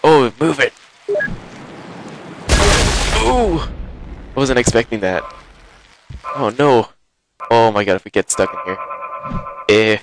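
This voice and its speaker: A man giving live, excitable commentary while playing a game, exclaiming and gasping often, recorded on a headset. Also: on the low side, unhurried, long pauses, noisy background. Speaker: gaming video host.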